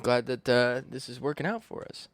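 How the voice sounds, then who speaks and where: A man's voice: medium pitch, normal speed, slight background noise. A man hosting a casual podcast from a basement, cursing freely and laughing as he tells stories. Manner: profane, laughing storyteller. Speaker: podcast host. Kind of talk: casual chat. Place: home basement studio.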